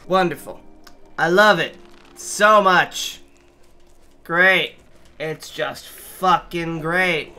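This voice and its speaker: A gamer giving let's play commentary, exasperated and swearing often, with sudden yelling outbursts at the game. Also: mid-range voice, very slow, pauses often. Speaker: gamer playing through a platform game.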